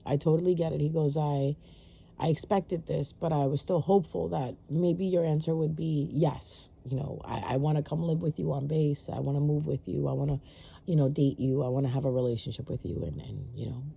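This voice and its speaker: Low, gravelly woman telling a story. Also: a little fast, dark tone. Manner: rambling, many fillers and restarts. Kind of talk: personal storytelling.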